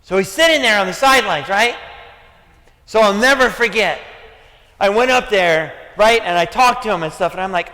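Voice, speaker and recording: A high-voiced male pastor with a Midwestern American accent gives a sermon at a moderate pace in a church sanctuary. His style is conversational, sprinkled with "okay" and "listen," and he climbs to near-shouting when he gets going; the sound echoes through the church hall.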